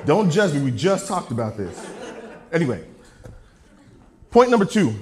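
A man preaching a sermon, telling a story with jokes in an animated, self-mocking way. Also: a little high, normal speed, pauses often.

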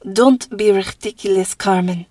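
A bossy French-accented school cook, haughty and commanding, her voice lifted a touch higher than the reader's own, as a woman puts her on. She lays down the law like kitchen royalty. The sound is dry and close. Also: measured pace, darkish tone, no echo, natural voice. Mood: stern, imperious.

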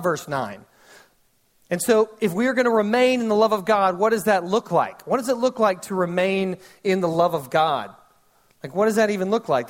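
A man in his thirties, a pastor preaching a sermon in a conversational, animated way with quick asides. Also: high voice.

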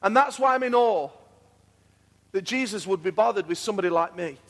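A high-pitched man preaching in a church, earnest and repetitive, his phrases swelling into fervent declarations. His voice rings with a long reverb off the hall walls, and he often doubles back on a word before pressing on. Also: expressive, brisk. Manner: earnest, repeats himself, builds to fervent declarations. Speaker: pastor. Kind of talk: sermon.

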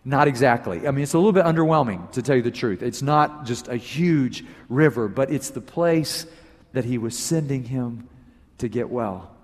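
A man preaching a sermon as pastor, telling a story with animated emphasis, his voice swinging from loud peaks to low asides. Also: normal speed. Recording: long reverb of a large hall.

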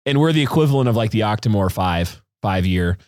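A man's voice: fairly low pitch, fairly quick, no echo. Dry-voiced man talking animatedly. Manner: animated, laughs often, uses vivid analogies. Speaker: podcast co-host. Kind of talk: casual discussion.

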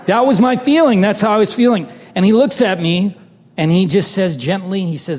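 A man preaching a personal testimony with a slightly raised pitch. He swings from loud, exclaiming lines to quiet, hushed ones. His voice rings out with long reverb, as in a large hall. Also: normal speed. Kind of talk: sermon testimony storytelling.

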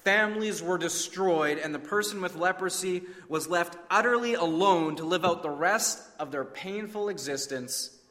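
Male preacher, dramatic storyteller swinging from hushed to loud, forceful and bright, echoing sanctuary. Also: high-pitched, moderate pace. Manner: dramatic, drops to a hush, then cries out. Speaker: pastor. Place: church sanctuary. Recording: long reverb of a large hall.

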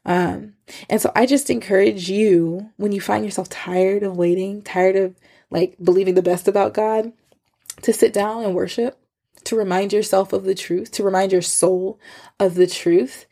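A woman's voice: medium pitch, fairly even intonation, moderate pace, vocal fry, mellow. A woman in her thirties hosting a podcast, giving earnest, conversational faith encouragement with casual fillers. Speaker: podcast host.

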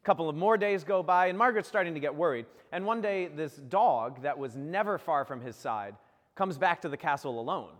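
A man's voice: fairly high pitch, expressive, brisk, big-room sound. A man preaching, telling a saint's story in a joking, playful way and acting out the characters. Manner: playful, jokey storyteller who acts out the characters. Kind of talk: humorous storytelling homily.

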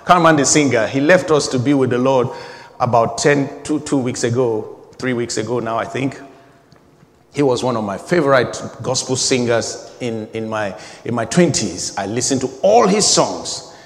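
A man's voice: medium pitch, normal speed, long reverb tail. A man in his forties preaching a sermon, emphatic and repetitive, building in intensity. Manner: emphatic, repeating phrases, rising intensity.

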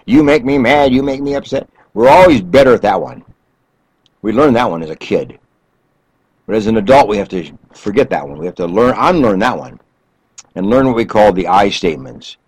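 A man's voice: lowish voice, expressive, normal speed, pauses often, a little mellow, husky, no echo, rough recording. A male therapist giving an emphatic self-help talk, counting off numbered steps and repeating key phrases.

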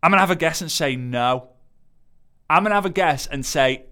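A man, coaching an audience in an energetic, emphatic way and repeating phrases for effect. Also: a little high, moderate pace, clear, resonant tone. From Liverpool, England. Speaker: business coach. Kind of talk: motivational teaching to camera.

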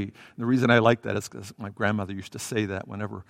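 A man preaching a sermon in a church, animated, swinging between loud and soft as he acts out the story. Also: medium pitch, quick pace, few pauses, dry recording, studio quality, in a large hall.

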